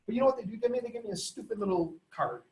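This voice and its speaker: Energetic man in an echoey room. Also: sits high, rapid-fire. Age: 30s. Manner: energetic, conversational, storytelling with laughs. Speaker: company CEO leading a sales training. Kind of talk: sales training talk.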